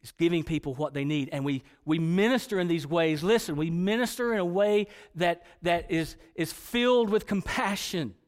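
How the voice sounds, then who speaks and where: Speaking at a normal speed with few pauses, this slightly high-voiced pastor reads scripture to a congregation. His sermon climbs through rising passages toward emphatic points, and a long hall reverb colors the audio.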